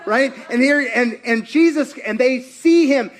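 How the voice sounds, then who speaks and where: A middle-aged man preaching with a high, bright voice. He tells the story with energy, acts out each character's lines and keeps asking the congregation questions. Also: measured pace. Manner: animated storyteller, acts out quotes, asks the audience. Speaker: pastor. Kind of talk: sermon.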